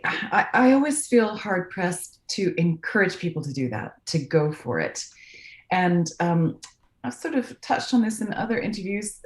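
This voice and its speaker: A woman with a low voice answers interview questions from England, speaking thoughtfully and encouragingly with plenty of ums and you-knows. Her voice rings in a slightly echoey room over a video call. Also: darkish tone. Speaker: voice actress, interview guest.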